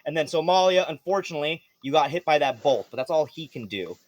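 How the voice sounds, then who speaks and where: Lively, animated man running a tabletop game. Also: a little high. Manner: lively, laughs often, jumps into quick character shouts. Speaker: game master.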